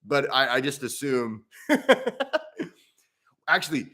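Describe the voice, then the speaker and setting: Chatty, rambling male breathwork host. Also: drawn-out words. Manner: rambling and chatty, with frequent restarts and self-corrections; animated, with pitch jumping up and down. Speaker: breathwork coach and live-stream host. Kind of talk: casual live-stream chat answering viewer mail.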